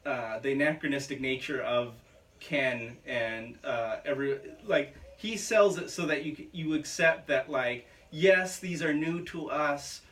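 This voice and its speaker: A man co-hosting a casual film podcast, talking eagerly but haltingly as he hunts for names. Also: medium pitch, fairly bright tone, far from the mic. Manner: enthusiastic, halting, searching for names. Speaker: podcast co-host.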